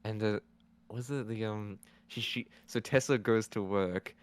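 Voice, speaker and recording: Male podcast host, lower pitch, casual rambling delivery with frequent filler words. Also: steady tone, slight background noise. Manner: rambling, halting, laughs often. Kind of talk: casual movie-review chat.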